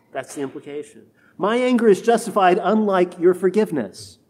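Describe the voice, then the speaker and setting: High-voiced man preaching a homily. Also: a little mellow. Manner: acts out quoted complaints in character voices. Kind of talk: sermon.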